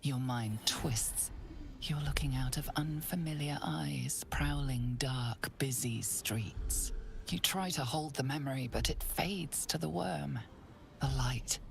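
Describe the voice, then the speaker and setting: A woman voicing an ominous video game narrator, hushed, slow and foreboding. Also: rumbling low, vocal fry, a little hiss or hum, heavily acted.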